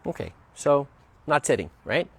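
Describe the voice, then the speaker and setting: A man's voice: mid-range voice, big pitch swings, normal speed, vocal fry, a bit bright, husky, dry recording. A man working as a dog trainer, explaining a training session outdoors as he goes and often checking in with "right?". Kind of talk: narrated training demonstration.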